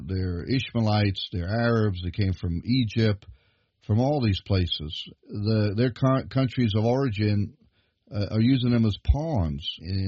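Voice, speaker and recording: A man's voice: fairly low pitch, a little hiss or hum. A man preaching a sermon in an emphatic, building manner. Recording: dull lo-fi recording.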